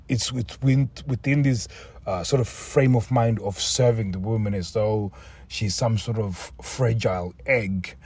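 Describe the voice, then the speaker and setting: Husky-voiced man hosting a frank solo podcast. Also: mid-range voice, a little mellow. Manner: frank, rambling, with frequent restarts and casual swearing. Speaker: podcast host.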